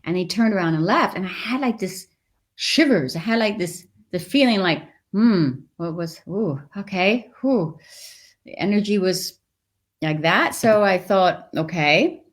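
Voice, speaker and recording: Speaking at medium pitch and a moderate pace, a middle-aged interview guest recounts something from her own life. She delivers it with animation, performing the voices of those involved.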